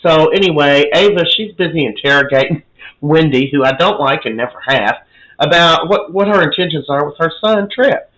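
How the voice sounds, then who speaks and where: A man's voice: on the high side, lively intonation, moderate pace, fairly bright tone, rough recording. A man giving a casual, chatty recap of a soap opera episode, opinionated and full of fillers.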